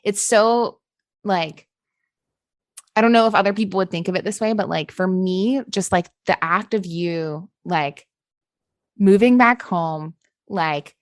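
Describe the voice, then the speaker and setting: A woman's voice: mid-range voice, a little slow, long pauses, no echo. Earnest woman podcast host, dry sound. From Appalachia. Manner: earnest, heavy use of "like", swears. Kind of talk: casual conversational interview.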